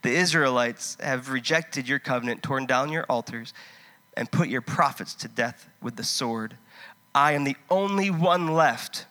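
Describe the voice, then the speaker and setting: A man's voice: medium pitch, a little slow, sharp tone, voice pushed down. A man acting out a frightened, weary male prophet who pleads and complains from his hiding place. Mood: despairing.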